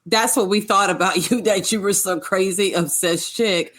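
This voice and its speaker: A woman's voice: medium pitch, normal speed, fairly bright tone. A woman co-hosting a podcast, giving blunt, incredulous commentary on a reality show. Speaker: podcast co-host. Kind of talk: casual chat, reacting to a reality show.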